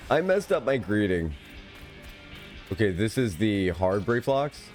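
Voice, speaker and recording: Over background music, a man on the low side of the pitch range talks slowly but very animatedly. He's live-streaming an online game, commenting on the action and joking around in a giggly, relaxed way with his teammates and viewers.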